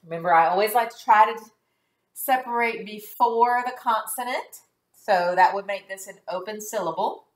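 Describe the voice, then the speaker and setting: A woman teaching a phonics lesson to children, sounding out syllables slowly and carefully. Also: mid-range voice, echoey room.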